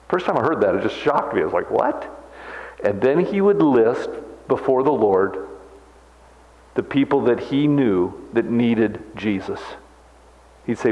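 A man in his sixties preaching a sermon as pastor, animated and self-mocking, with quick jokes. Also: mid-range voice. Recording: echoey hall, dull lo-fi sound.

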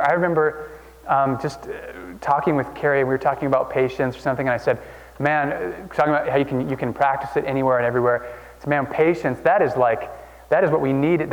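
A man's voice: medium pitch, dull audio. Guy pastor preaching, chatty and self-deprecating, lots of restarts, echoey church hall. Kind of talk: sermon.

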